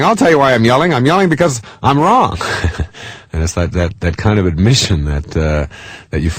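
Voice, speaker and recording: A middle-aged man giving a self-help talk in a lively way, often mimicking other people's voices and chuckling at his own jokes. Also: low voice, slightly rough, no echo. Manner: animated, jumps into mimicking voices; chuckles while telling jokes. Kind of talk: motivational talk.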